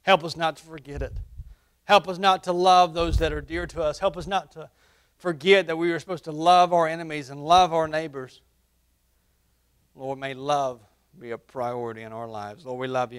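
A fervent male pastor with a high-pitched voice preaches a sermon through a face mask. He pushes hard into loud, emphatic peaks, then sinks into quiet, intimate stretches, and the mask slightly covers his words. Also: steady tone, normal speed, clean tone. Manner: swings between loud emphatic peaks and hushed low passages. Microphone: wearing a face mask while preaching.

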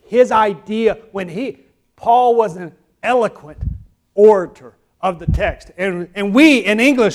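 High-voiced Southern preacher. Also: male voice, expressive, unhurried. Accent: Southern American. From American South. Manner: swings from quiet asides to loud emphatic preaching. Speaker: pastor. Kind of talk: sermon.

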